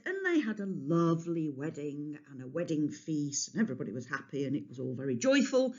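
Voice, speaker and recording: A woman telling a myth to children in a lively, chatty way, stopping to explain words, on a dull lo-fi recording. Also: sits low, fairly quick, few pauses. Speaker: storyteller. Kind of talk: storytelling to children.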